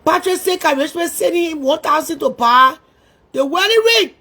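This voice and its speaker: A woman with a Liberian English accent hosting a live stream and commenting casually, with loud emotional exclamations. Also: sits high, moderate pace.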